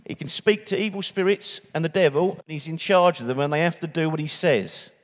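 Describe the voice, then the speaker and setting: A man's voice: fairly high pitch, a little fast. A man preaching a sermon in a church hall, chatty and casual, often repeating words as he restarts.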